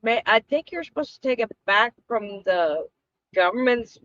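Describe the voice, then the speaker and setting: A woman's voice: a little high, animated, moderate pace, fairly bright tone, no echo, dull audio. A woman co-hosting a podcast, skeptical and challenging, often laughing. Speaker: podcast co-host. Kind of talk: casual reaction chat.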